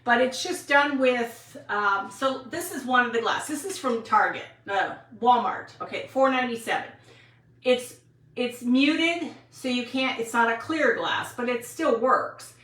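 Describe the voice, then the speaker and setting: Her voice sits fairly high and bright, and she speaks a little slowly. She's a sixty-something from Wisconsin, rambling casually while she runs a craft livestream and responds to viewers, picked up by a distant mic in a roomy space.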